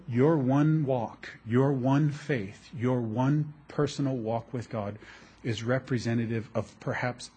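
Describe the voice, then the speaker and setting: Husky, jokey middle-aged male preacher. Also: mid-range voice. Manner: animated, jokey storytelling with repeated restarts. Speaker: pastor. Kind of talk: sermon with humorous stories.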